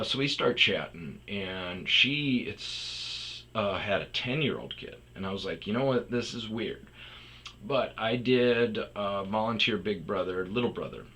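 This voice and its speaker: A man's voice: on the low side, sharp tone. A young man telling a rambling personal story as the host of a storytime show, blunt and profane, with frequent restarts. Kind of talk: casual comedic storytelling monologue.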